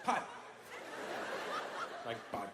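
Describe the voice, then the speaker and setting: A man's voice: drawn-out words, echoey room, over a noisy crowd, very noisy. A man voicing a stern father who scolds and lectures his grown son with bossy impatience. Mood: scolding.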